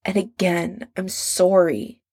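Woman playing anxious, apologetic young man in a storybook, soft and slow. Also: lowish voice, fairly even intonation, slightly rough, heavily acted. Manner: pleading, apologetic.

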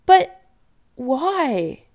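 A woman voicing a flustered young man who pleads with his meddling mother, in an exasperated, animated way. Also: high voice, extremely slow, voice pushed up, heavily acted.

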